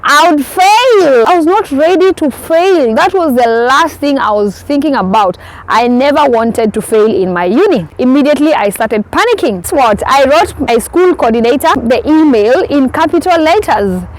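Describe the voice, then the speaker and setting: A woman's voice: sits high, moderate pace, poor audio. A young woman from Kenya, telling stories in a casual vlog and acting out her own reactions. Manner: lively storytelling, acts out her own reactions. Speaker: vlogger.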